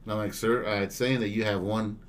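A man in a casual podcast chat, telling an animated story and acting out both sides of phone calls. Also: on the low side, brisk, crowd noise. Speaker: podcast guest.

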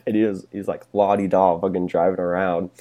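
A man's voice: low voice, level tone, fast talker, warm tone. A young man in casual podcast chat, rambling through a story with lots of swearing and laughter. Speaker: podcast co-host.

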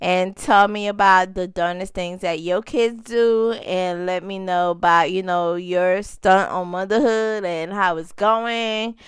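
A woman's voice: lowish voice, steady tone, a little slow, few pauses, smooth, dry recording. A young woman hosting a casual chat podcast for mothers, chatty and laughing, stretching out phrases for emphasis. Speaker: podcast host.

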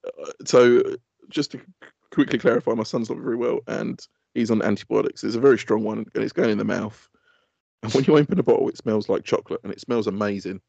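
A man telling casual, animated stories on a podcast, swearing and laughing often. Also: fairly low pitch, brisk, creaky, no echo, highs cut off. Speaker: podcast co-host. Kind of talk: casual chat.

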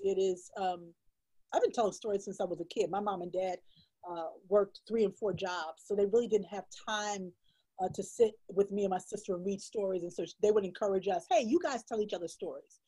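A woman's voice: mid-range voice, steady tone, brisk, warm tone, husky, low-quality recording. A woman speaking as an illustrator and storyteller guest in an interview, talking with heartfelt emphasis and repeating phrases for stress.

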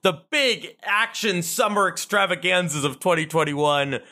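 Bright, jokey man co-hosting a podcast. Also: high voice, unhurried. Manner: joking, stumbling with many filler restarts. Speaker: podcast co-host. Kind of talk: casual movie-review chat.

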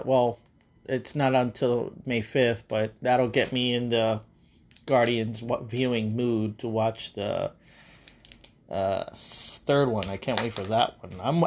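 A man hosting a podcast in casual chat, rambling and swearing freely between laughs. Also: mid-range voice. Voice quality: rambling, profane, laughs often. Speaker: podcast host.

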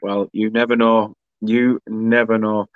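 A man's voice: on the low side, level tone, a little slow, clean tone, no room sound. Male host, casual and chatty, dry, muffled audio. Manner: chatty, laughs often, reads comments aloud. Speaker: podcast host reading viewer comments. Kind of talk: casual chat.

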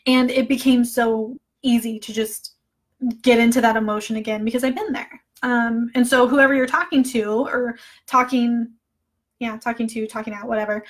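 A woman coach giving a casual recorded training talk, chatty and full of fillers, openly emotional as she speaks. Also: on the high side. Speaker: online business coach.

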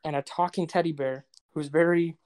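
A man's voice: a little high, steady tone, moderate pace, a little mellow. Young male co-host, loose and rambling, casual podcast banter. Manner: rambling with many fillers. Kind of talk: casual chat.

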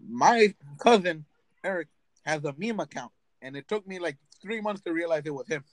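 A man's voice: fairly high pitch, lively intonation, normal speed, rough recording. A young man hosting a casual podcast chat, telling stories with lots of swearing and laughter. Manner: storytelling, swears freely, laughs often. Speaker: podcast host.

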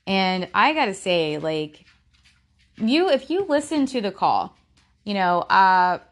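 A woman hosting a true-crime podcast, talking casually in a halting way with frequent restarts and fillers. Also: mid-range voice, sing-song. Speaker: podcast host.

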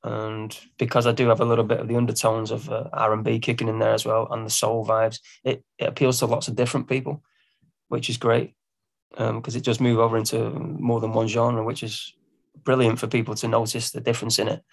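Man, English accent, singer-songwriter guest, gravelly, mid pitch, hesitant, laughs at himself. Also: monotone, a little fast. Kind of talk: casual podcast interview.

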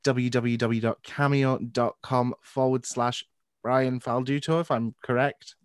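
A man's voice: medium pitch, steady tone, measured pace, clear, resonant tone, dry recording, clean studio sound. A man hosting a podcast, chatting playfully with lots of fillers. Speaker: podcast host. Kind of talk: casual interview chat.

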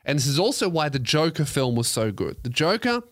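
A man's voice: on the high side, sing-song, a little fast, a bit bright, dry recording. A young man hosting a podcast on his own, chatting casually into a close mic with rambling asides and frequent swearing. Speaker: podcast host. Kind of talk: casual solo podcast chat.

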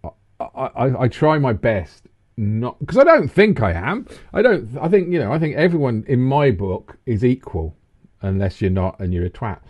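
A man's voice: moderate pace, muffled recording. Man in his fifties hosting a casual chat, voice that swings up and down a lot, rambles on, laughs easy. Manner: animated, rambling, breaks into high laughs. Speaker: co-host. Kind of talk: casual banter.

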